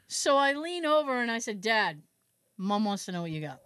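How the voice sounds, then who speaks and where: A female podcast co-host tells a family story in casual chat, animatedly acting out relatives' lines amid laughter and frequent "like" fillers. Her fairly high voice moves at normal speed, with a clean tone on a dry recording.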